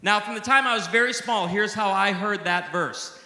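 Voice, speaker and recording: A man in his forties giving a humorous sermon to a live audience, telling animated, joking stories in a large hall. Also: sits high, moderate pace, few pauses, noisy background. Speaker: pastor and speaker. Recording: echoey live hall with faint ambience.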